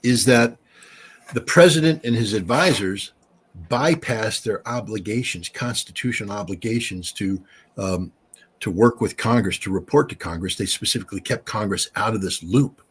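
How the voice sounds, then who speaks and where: A man's voice: lowish voice, moderate pace, slightly rough. A middle-aged man, a former weapons inspector, talking emphatically in a casual interview. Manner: emphatic, animated storyteller.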